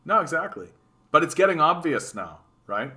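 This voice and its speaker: Bright-voiced Canadian man ranting. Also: a little high, moderate pace. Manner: animated, sarcastic, repeats words and restarts. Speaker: political streamer. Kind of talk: casual live-stream commentary reading chat.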